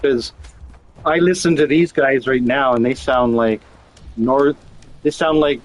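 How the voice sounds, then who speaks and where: A man's voice: medium pitch, a little slow, poor audio. A man chatting casually while gaming, telling rambling, profane stories full of restarts. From Canada. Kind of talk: casual chat.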